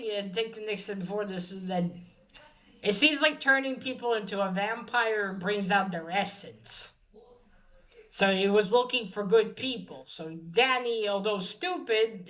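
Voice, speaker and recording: Woman, comic reviewer, casual and profane, rambling with fillers, mid-pitched voice. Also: measured pace, fairly bright tone, low-quality recording.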